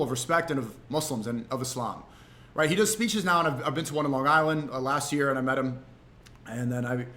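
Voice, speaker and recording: Animated male streamer telling a story. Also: a little high. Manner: animated, rambling, frequent restarts. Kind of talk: casual storytelling on a livestream.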